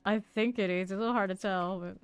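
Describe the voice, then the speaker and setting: A woman's voice: mid-range voice, fairly even intonation, fast, smooth. A woman from Florida streaming a game, chatting casually and rambling through side stories while she plays. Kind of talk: casual gameplay commentary.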